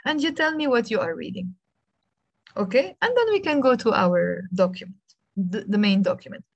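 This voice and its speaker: A woman with a Lebanese accent teaches beginners over a video call, patient and encouraging as she spells out each letter slowly. Her voice sits at a middle pitch and sounds close and dry, with no room around it. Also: sing-song, creaky, no room sound. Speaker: Arabic teacher. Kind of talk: live online language lesson.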